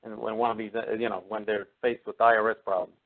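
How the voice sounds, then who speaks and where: A man's voice: on the low side, flat delivery, quick pace. A man calling in to a radio show, speaking hesitantly with many fillers and false starts. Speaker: caller. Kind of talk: call-in radio conversation. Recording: tinny phone line.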